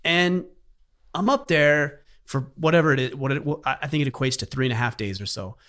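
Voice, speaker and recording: Man, middle-aged, podcast host, earnest storyteller, slightly high voice. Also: brisk, pushed and bright. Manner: earnest storytelling, emotional at times. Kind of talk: casual podcast conversation.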